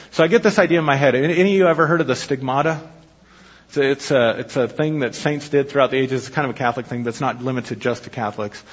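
A man preaching a sermon as pastor, telling a personal story in a conversational way with quick asides. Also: mid-range voice, breathy edge. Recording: dull lo-fi sermon recording.

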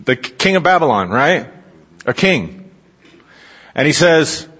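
A man's voice: on the high side, expressive, a little slow, pauses often, fairly bright tone, husky. A man preaching a sermon, teaching in a conversational way and putting questions to his listeners. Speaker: pastor. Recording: dull, reverberant hall recording.

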